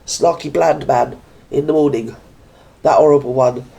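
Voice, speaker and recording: An extremely low-pitched, creaky yet mellow voice belongs to a British woman hosting a reaction video indoors, on her feet. She talks a little slowly, ranting with sarcastic indignation and mocking people through put-on voices.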